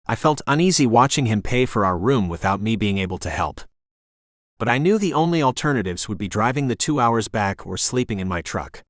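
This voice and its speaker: A man narrates a first-person romance audiobook at a steady, calm pace. His voice sits on the low side, and the recording is dry and close to the mic. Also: a little fast, no echo.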